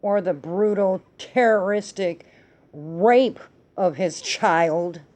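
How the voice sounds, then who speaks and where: A middle-aged woman hosts a political talk show, her voice dark and mellow. She rants with heated anger and swears freely as she argues her points. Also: lowish voice, slow. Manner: angry, profane ranting. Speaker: podcast host.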